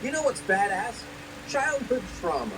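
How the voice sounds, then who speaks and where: A woman delivers scripted video commentary with a lot of movement in her pitch. She talks expressively and casually, dropping the odd swear word. The recording has a clear hiss of noise running underneath. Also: expressive, moderate pace. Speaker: cartoon commentary narrator.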